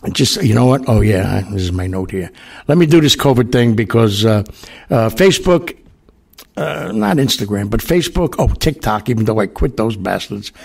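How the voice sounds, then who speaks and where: A man's voice: lowish voice, gravelly. An older man hosting a podcast, telling stories in a rambling, casual way full of fillers and asides. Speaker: podcast host. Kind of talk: casual storytelling monologue.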